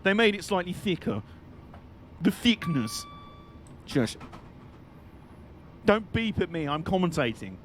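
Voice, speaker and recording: Excitable man commentating a game. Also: sits high, moderate pace, long pauses, a little hiss or hum. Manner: excitable, jokey, mock-outraged chatter. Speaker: streamer.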